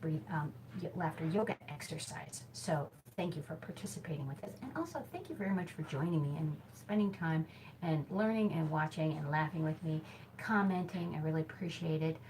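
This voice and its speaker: A woman with a low voice and a fairly quick pace teaches hula hoop exercises on camera in a small temporary office by a back door. As a hoop fitness instructor making a casual instructional video, she's chatty and giggly, running herself down with plenty of fillers. Her camera mic moves as she hoops, and there's a noisy background.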